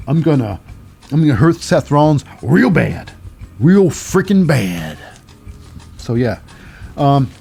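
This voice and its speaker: A man's voice: medium pitch, a little mellow. A man hosting a podcast and recapping wrestling in a casual, rambling way, with many fillers and restarts. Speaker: podcast host.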